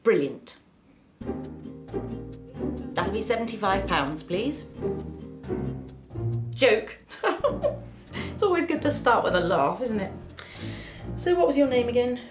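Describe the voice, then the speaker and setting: Actress as a brash woman therapist, swooping sing-song pitch, echoey room, music underneath. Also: very animated, slow pace, long pauses. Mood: blunt. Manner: blunt and sing-song, with abrupt jumps in pitch. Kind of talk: sitcom acting.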